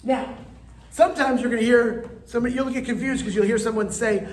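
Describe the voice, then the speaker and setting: Playful rabbi teaching a live class. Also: male voice, very high voice, steady tone, fairly quick. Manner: playful, chatty teacher who coaxes the class to answer. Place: classroom with a live group of students. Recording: echoey room with faint ambient noise.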